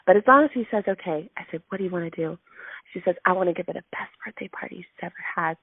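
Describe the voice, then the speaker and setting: A woman's voice: lowish voice, quick pace, husky, no echo. A woman in her thirties telling a heartfelt story in a motivational talk, emotional and full of ums. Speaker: sales team leader giving a weekly message. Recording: tinny phone-line sound.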